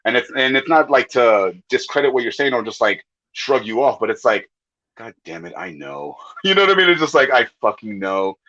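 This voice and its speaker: A man's voice: mid-range voice, expressive, brisk, few pauses, bright, forceful tone. A young man, a comedian, chatting casually as a podcast guest, rambling and swearing, with many restarts. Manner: rambling, profane, frequent restarts and laughs. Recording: slightly muffled lo-fi audio.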